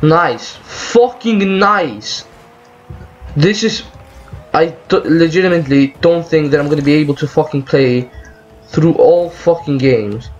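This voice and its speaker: A man with a fairly high voice gives heated gameplay commentary, swearing and complaining as he plays. The recording is dull and lo-fi, with a faint hiss underneath. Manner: swearing, ranting about lag. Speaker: gaming video creator.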